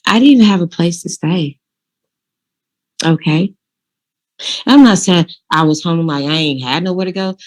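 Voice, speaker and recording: A woman speaks to her viewers in a casual, motivational vlog, telling her story with animation and plain, direct talk. Her voice sits a little low for a woman. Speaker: vlogger giving law of attraction tips.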